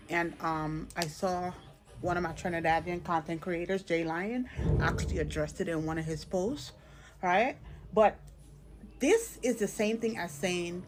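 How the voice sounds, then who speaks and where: A woman's voice: fairly low pitch, slight background noise. A woman from the Caribbean speaking emphatically in a social media commentary clip, explaining and educating.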